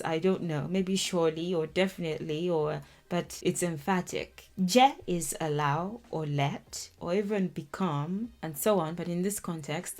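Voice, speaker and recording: A woman teaching a language lesson who explains song lyrics word by word, laughing often and speaking in a lively, informal way. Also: on the low side.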